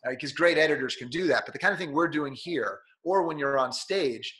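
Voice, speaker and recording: A man speaks as an interview guest, coaching listeners on performing. His tone is bright and forceful, with a slightly nasal edge from being sick. He talks with lively energy and often acts out what others say. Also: a little high, a little fast. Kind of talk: conversational interview.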